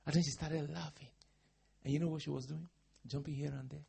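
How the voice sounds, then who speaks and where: A man preaching a sermon as a pastor, with a raspy, husky voice and dramatic swings from hushed tones to shouting. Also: fairly high pitch, fairly even intonation, fairly quick.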